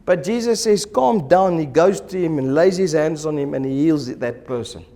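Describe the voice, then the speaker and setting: A male pastor preaches in church, animated and lively as he acts out the people in his stories. His voice sits on the higher side for a man. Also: normal speed. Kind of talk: sermon.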